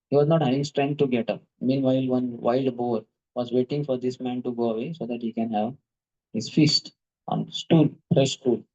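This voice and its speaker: Animated man giving a devotional talk. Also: mid-range voice, lo-fi sound. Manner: animated storyteller, repeats words rhythmically, asks the audience questions. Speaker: speaker at a devotional class.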